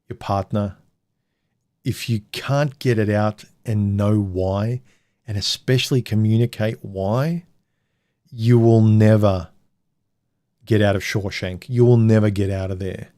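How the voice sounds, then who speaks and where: A man's voice: on the low side, dark tone, no echo, studio quality. A man hosting a live stream, chatting casually and bluntly with his viewers, cracking jokes and giving frank dating advice. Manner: blunt, joking, talks straight to the chat.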